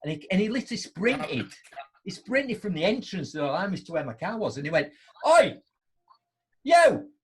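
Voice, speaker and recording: A middle-aged man spins a story to his live online audience. His husky voice swings up and down as he acts out both sides of the exchange. He sits a little higher than most men and keeps tagging his lines with a quick "right?". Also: sing-song. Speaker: host.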